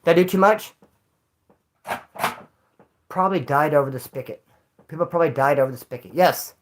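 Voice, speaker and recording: A man telling a rambling story to a live chat in casual, slangy talk, swearing freely and jumping between loud bursts and low mutters. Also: fairly quick, rough recording. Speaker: livestreamer.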